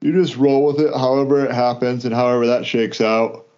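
A man's voice: mid-range voice, fairly even intonation, a little mellow, smooth, lo-fi sound. A man co-hosting a podcast in casual chat, talking loosely with lots of "like" and restarts. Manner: loose, halting talk full of "like" and restarts. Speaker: podcast co-host.

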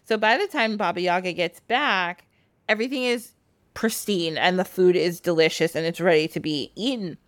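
A woman from the United States, a podcast guest, casually retelling a folk tale in an animated way, with frequent laughs and fillers. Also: fairly low pitch, normal speed, no room sound, clean studio sound. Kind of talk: casual storytelling.

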